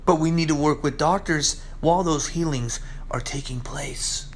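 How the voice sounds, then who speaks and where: A man delivering a sermon with a slightly high voice. He reads a passage aloud, then explains it in his own words. His delivery keeps swinging between loud, emphatic bursts and low, hushed asides. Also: normal speed, a little hiss or hum. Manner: reads scripture aloud and comments on it. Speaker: preacher.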